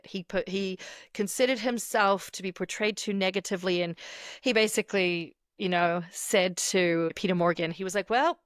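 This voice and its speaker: A woman hosting a podcast, telling stories in casual chat and quoting people with animated bursts. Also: lowish voice, dry recording, studio quality. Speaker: podcast host.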